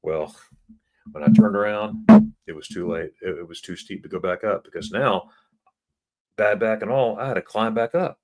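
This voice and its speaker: A middle-aged man telling a travel story in a casual live stream, animated, often repeating words and jumping into a high excited voice to act out what he said. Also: moderate pace, gravelly. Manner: animated, repeats words, acts out his own past remarks in a high excited voice.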